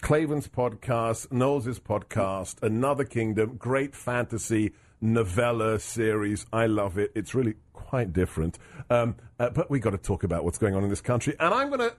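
A man hosting a talk radio show, bantering with a guest and taking calls in a jokey, quick manner. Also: lowish voice, expressive. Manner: jokey, quick asides, laughs often.

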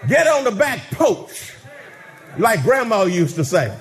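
A man preaching a fervent sermon, chanting hymn lines and shouting to the congregation. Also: high-pitched, sing-song, slow, a little hiss or hum.

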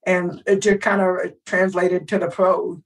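A middle-aged woman from Texas telling a lively story in casual chat, acting out the voices of people in it. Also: fairly low pitch, a little slow, far from the mic, rough recording. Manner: animated, acts out voices in her story. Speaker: guest.

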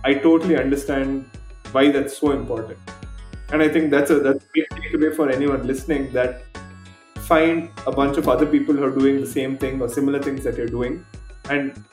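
A man's voice: mid-range voice, fairly even intonation, a little fast, a little mellow. Man, podcast host, reflective, agreeable, echoey room, faint music. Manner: reflective, agreeable, sums up the guest's points. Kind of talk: casual interview conversation.

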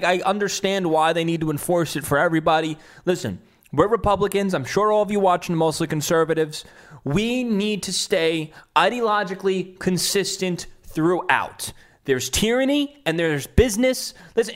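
High-voiced man commenting. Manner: talks it through with restarts. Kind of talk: reaction commentary.

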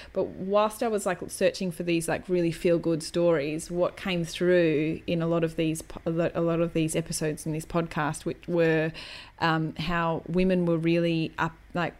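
A woman's voice: lowish voice, normal speed. A woman in her thirties chatting on a podcast, telling a story with acted-out quotes and casual swearing. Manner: storytelling, animated, acts out quotes; swears casually, self-mocking humor. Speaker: podcast co-host. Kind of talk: casual chat.

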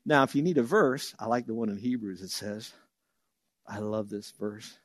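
A man preaching a sermon as a pastor, telling stories with lively acted-out voices. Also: on the low side, normal speed, no room sound. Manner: animated storytelling, acts out voices loudly.

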